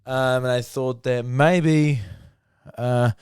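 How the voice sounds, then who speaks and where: A man's voice: medium pitch, steady tone, slow pace, a little mellow, smooth, dry recording, clean studio sound. A young man hosting a podcast in casual, jokey chat. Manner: jokey, laughing, rambling. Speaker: podcast host.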